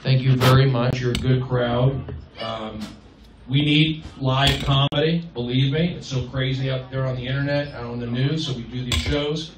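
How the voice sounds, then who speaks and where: A man doing a live stand-up set, riffing with the crowd and swinging between loud and soft. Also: mid-range voice, fairly even intonation, normal speed. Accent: Californian. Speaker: stand-up comedian. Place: comedy club stage. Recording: roomy, distant live club recording. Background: loud crowd laughter and noise.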